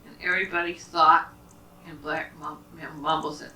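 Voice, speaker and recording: A woman telling a children's story aloud to a child at home, animated and asking questions along the way. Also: deep voice, normal speed. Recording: roomy, from a distance.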